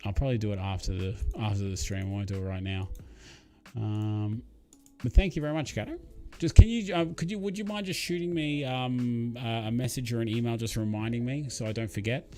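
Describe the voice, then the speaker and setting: A man's voice: medium pitch, fairly even intonation, brisk, darkish tone, faint music behind. A man hosting a casual live stream, rambling and chatty as he reads out viewer comments, with many ums and uhs. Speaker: livestream host.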